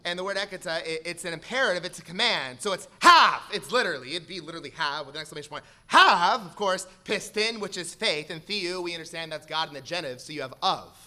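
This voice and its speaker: A man preaching a sermon to a congregation, moving from quiet explanation to shouted exhortation. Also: fairly high pitch, fast, hardly any pauses.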